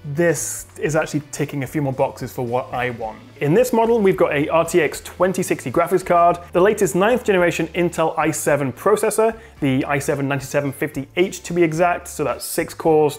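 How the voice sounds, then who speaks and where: A British man hosting a tech review, briskly explaining laptop specs in scripted narration. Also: fairly high pitch. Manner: brisk, spec-heavy explaining.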